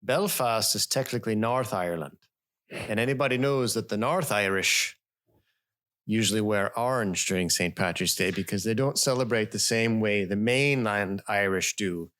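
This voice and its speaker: A man's voice: lowish voice, normal speed, a bit bright. A man hosting a podcast, chatting casually with playful, hammy introductions. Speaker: podcast host. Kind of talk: casual chat. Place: studio.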